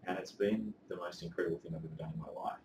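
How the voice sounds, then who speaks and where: Man, thirties, life coach, earnest, rapid speech, echoey room, faint background noise. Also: low-pitched. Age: 30s. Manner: earnest, animated storytelling with casual swearing. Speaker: life coach, interview guest. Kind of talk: casual interview talk. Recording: echoey room, mic at a distance.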